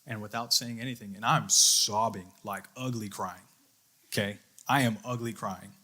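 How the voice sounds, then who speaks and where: A youth leader preaches a sermon to young people in a somewhat low yet bright, forceful voice with fairly even intonation at normal speed. He tells his story earnestly, voicing his inner thoughts along the way.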